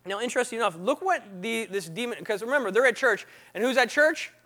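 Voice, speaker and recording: A man's voice: very high-pitched, fast. A man who is no longer young preaching a casual, conversational sermon, often quizzing his listeners with "right?" and "what?". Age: not young. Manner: lively, quizzes the audience with frequent "right?" and "what?".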